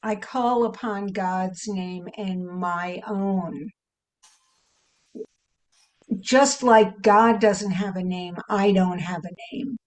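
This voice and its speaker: A woman speaks at an unhurried pace in a spiritual study group. She is animated and laughs easily, and she lifts her voice to act out the lines she quotes. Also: medium pitch. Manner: animated, laughing often, quoting with lively emphasis. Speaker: group participant.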